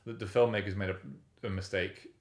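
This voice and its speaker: A young man with a low voice rattles quickly through film scenes. He retells them in an animated way in casual chat. His voice echoes around the room. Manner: animated retelling, acts out quotes. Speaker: podcast co-host. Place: home flat. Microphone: camera in a room.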